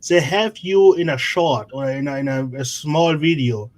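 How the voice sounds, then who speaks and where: A man's voice: a little high, lively intonation, moderate pace. A man talking as a guest on a livestream, blunt and rambling, swearing freely. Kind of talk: casual livestream chat.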